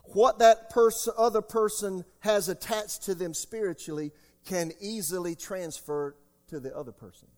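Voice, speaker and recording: A man in his sixties preaching a sermon as pastor, emphatic, jumping between loud outbursts and quiet asides. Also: high voice, moderate pace, hardly any pauses. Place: church sanctuary. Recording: long hall reverb.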